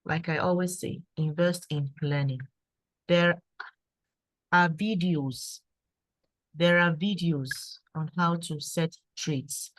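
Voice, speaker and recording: A woman with a fairly low voice gives advice at an online meeting. She stammers and repeats words, and her voice sounds dry and close to the mic. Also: fairly even intonation, slow, long pauses, no echo, rough recording. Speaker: guest speaker sharing her trading story.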